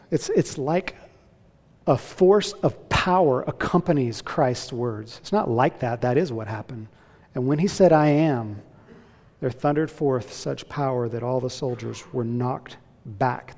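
A man's voice: medium pitch, a little slow, a little mellow. A man preaching an emphatic expository sermon as pastor, voice rising for emphasis. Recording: hall with long reverb.

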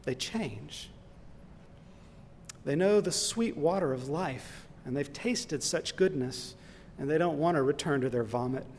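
A male preacher with a mid-range voice who delivers his sermon slowly and earnestly, pressing his points home with emphatic lists. His words ring out with the long reverb of a large hall, over a faint background hiss. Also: on the high side, darkish tone.

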